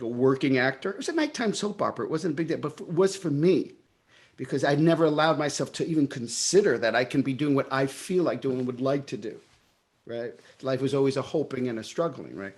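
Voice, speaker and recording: A middle-aged man with a New York accent, telling stories in an interview and acting out his own past dialogue with lively energy. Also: mid-range voice. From Brooklyn, New York. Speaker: guest. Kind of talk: storytelling in a casual interview.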